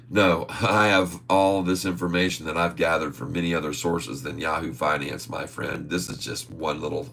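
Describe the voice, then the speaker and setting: A man's voice: sits low, vocal fry, a bit bright. A man hosting a casual stock-trading livestream, reading viewer comments aloud and chuckling often. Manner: chuckles often, drawn-out folksy asides.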